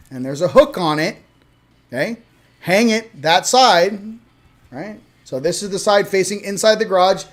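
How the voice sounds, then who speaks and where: A man hosting a casual livestream, chatting loosely, shouting out viewers and showing products. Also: high-pitched. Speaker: host.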